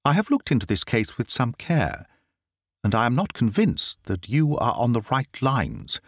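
A man voicing a brisk, confident Victorian gentleman detective in a storybook reading, with a crisp, assured manner. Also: mid-range voice, big pitch swings, no echo, studio quality.

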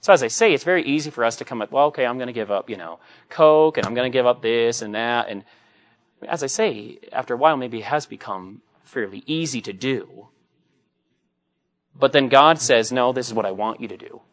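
Middle-aged male priest, easygoing homily, self-deprecating storyteller, average pitch. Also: lively intonation, fairly quick. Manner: anecdotal and joking, acts out quoted voices. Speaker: Catholic priest. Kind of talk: conversational homily.

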